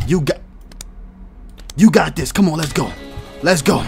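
A young man doing loud, slangy, excitable let's-play commentary, swearing and shouting at game characters. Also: fairly high pitch, a little slow, creaky, long pauses, soft background music. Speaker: gaming YouTuber.

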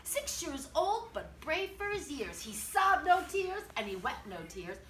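An older woman reading a picture book aloud to children in an expressive, sing-song way, stopping to ask them questions. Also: sits high, measured pace. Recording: roomy, from a distance, faint noise.

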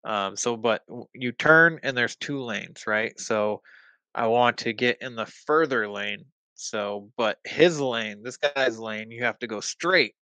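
A man as a podcast guest telling a story in casual conversation, animated and profane, acting out heated quotes. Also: mid-range voice, slow pace, no room sound, low-quality recording.

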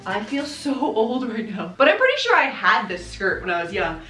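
A woman in her thirties chats bubbly about clothes in a casual try-on haul, laughing often; her mid-range voice is pushed and bright, swinging hugely in pitch at a normal speed. The fashion vlogger records in an echoey room with faint background music.

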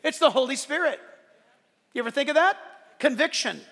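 During a service in a church sanctuary, a pastor delivers a sermon in a very high, bright voice, speaking fairly quickly with emphatic, animated energy. He slips into joking asides before hammering his point home again. The long reverb of the large hall carries his voice.

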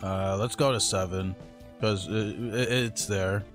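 Young male streamer, unhurried slangy game commentary, mid-pitched, faint game music underneath. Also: steady tone. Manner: slangy and profane, laughs often, reacts loudly to in-game deaths. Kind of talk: casual gaming livestream commentary.

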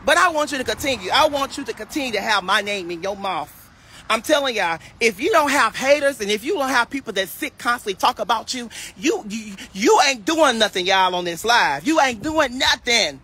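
A man's voice: very high voice, lively intonation, a little fast, sharp tone, husky. A young man on a casual livestream, delivering a sassy, preachy clapback rant.

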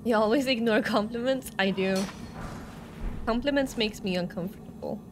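A woman's voice: a little high, normal speed, background noise. A young woman from Sweden with a Swedish accent, chatting playfully and sarcastically while streaming a game, English not her first language. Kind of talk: live gameplay commentary.

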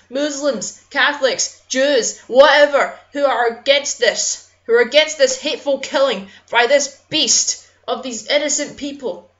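A woman's voice: sits high, fairly bright tone, lo-fi sound. A young woman, giving an impassioned, profane personal rant to her vlog audience. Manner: impassioned, swearing, apologizing for getting angry. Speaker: YouTuber.

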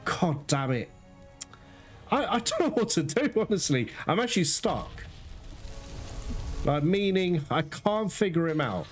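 A man doing gameplay commentary as a video host. He talks straight to viewers, swears, laughs often and gets excitable, over loud game music. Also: on the high side, unhurried, pauses often.

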